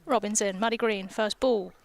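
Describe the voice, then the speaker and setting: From an outdoor gazebo, a female cricketer commentates on a live match as a guest, wearing headphones with a mic. She speaks at a moderate pace in a mid-range voice with fairly even intonation, teasing and giggling through the casual banter.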